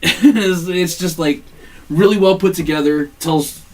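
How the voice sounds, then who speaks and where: A man's voice: high voice, measured pace, distant mic, slight background noise, rough recording. A man co-hosting a casual podcast, swearing freely and acting out quotes as he retells a TV plot. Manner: profane, animated retelling with acted-out quotes. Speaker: podcast co-host. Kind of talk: casual chat reviewing a TV show.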